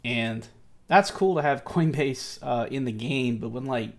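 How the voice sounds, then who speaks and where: In a medium-pitched, unhurried voice, a weary crypto stream host yawns through a casual livestream market review. His talk is loose, slangy, and rambling, full of self-corrections and restarts.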